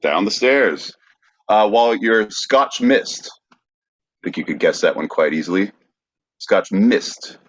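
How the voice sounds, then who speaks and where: Low-voiced man explaining, dull lo-fi sound. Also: lively intonation, husky. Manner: deliberate, explanatory, with frequent "uh". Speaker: podcast host. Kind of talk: presenting a quiz segment.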